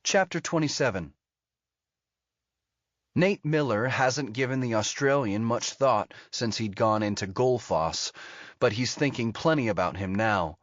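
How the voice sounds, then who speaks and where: A man narrating an audiobook thriller in an even, steady storytelling manner. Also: mid-range voice, unhurried, no room sound. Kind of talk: scripted narration. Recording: dull lo-fi audio.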